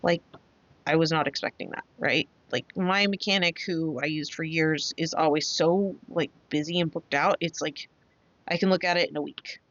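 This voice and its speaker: A woman's voice: sits low, normal speed, a bit bright, no echo. Female host, casual chatterbox, muffled and dry-sounding recording. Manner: chatty, rambling storyteller with many fillers. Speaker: craft channel host. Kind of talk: casual chat while crafting.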